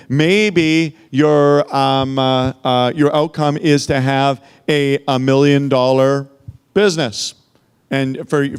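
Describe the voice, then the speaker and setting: This man has a smooth, mid-range voice and is running a motivational sales training into a handheld mic. He's emphatic, full of rhetorical questions, and keeps tossing in "okay?" and "right?"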